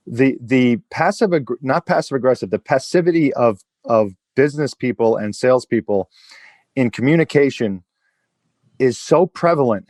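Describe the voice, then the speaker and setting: A man's voice: mid-range voice, a little mellow, dry recording, clean studio sound. A man hosting a podcast who talks emphatically in casual chat, often repeating words as he gets going. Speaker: podcast host.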